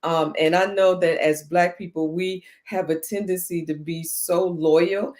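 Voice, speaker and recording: A woman's voice: lowish voice, fairly even intonation, measured pace, darkish tone. A woman hosting an interview on a video call, speaking earnestly and directly to her listeners with encouragement. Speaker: host.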